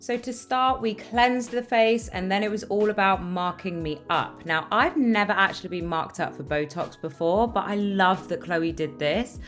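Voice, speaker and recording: A woman's voice: mid-range voice, moderate pace, few pauses, fairly bright tone. A young woman chatting casually to camera as a beauty vlogger, upbeat and confiding with her viewers. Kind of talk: casual vlog talk to camera. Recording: faint background music.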